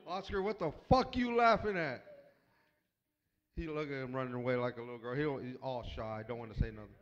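In a pub, a man improvises a profane roast, heckling the guests with crude, trash-talking insults. His medium-pitched voice moves a little fast, and the hall recording is echoey and dull-sounding.

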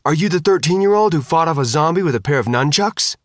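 Narrator putting on a pushy high-voiced reporter, insistent, audiobook. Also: male voice, expressive, fast, no echo, clean studio sound, natural voice. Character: reporters, pushy and shouting questions.

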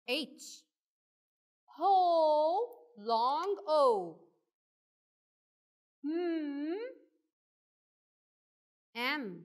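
Female kindergarten English teacher, high and lively voice, slow and patient, sing-song drilling. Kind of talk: classroom phonics lesson.

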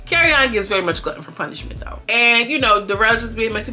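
A woman's voice: medium pitch, lively intonation, brisk, few pauses, bright, forceful tone, soft background music. A woman giving a casual, slangy recap of a reality show, chatting with viewers and acting out what the cast said. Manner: slangy, chatty, acts out quotes.

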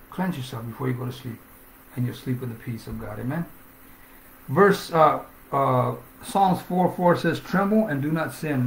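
Gravelly-voiced male preacher, fervent, scripture-heavy sermon, echoey room. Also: medium pitch, slight background noise. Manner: fervent, punctuates with "Amen?"; reads scripture aloud.

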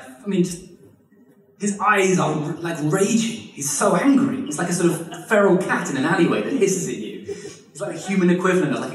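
A man telling a comic history story live, animated and exaggerated, with casual swearing. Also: a little high. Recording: echoey room, distant mic.

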